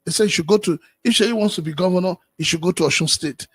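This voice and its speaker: A man speaking as a panelist on a political talk show, animated and firing off rhetorical questions. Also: sits high, quick pace, slightly rough, no room sound.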